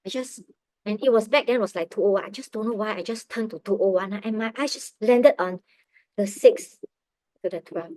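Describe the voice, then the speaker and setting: A middle-aged woman telling a personal faith testimony as a parent, earnest and emotional, often dropping her voice very low. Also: fairly quick, darkish tone, dry recording. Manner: earnest, emotional storytelling, drops to near whispers.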